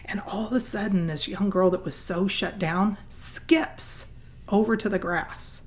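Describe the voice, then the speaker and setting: A middle-aged woman from Southern California, a guest telling an earnest, animated story in an interview. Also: medium pitch, unhurried. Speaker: guest, nonprofit founder.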